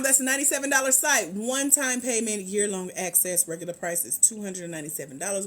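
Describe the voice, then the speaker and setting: A woman hosts a live stream, chatting through her lesson with a very animated, swooping voice. She spells things out slowly and repeats herself often. She calls out to her viewers by name. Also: medium pitch, a little hiss or hum. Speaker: livestream host, grants mentor. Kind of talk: casual livestream teaching.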